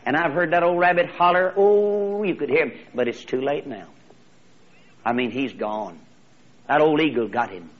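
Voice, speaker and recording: A man preaching a storytelling sermon in a folksy, animated way, often repeating his phrases, on a slightly muffled recording. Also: on the high side, normal speed.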